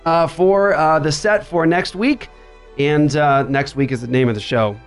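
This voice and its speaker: A man hosting a Christian radio talk show from a makeshift studio, upbeat with quick banter. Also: fairly high pitch, soft background music. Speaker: podcast host. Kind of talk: casual radio show chat. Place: makeshift studio writers' room.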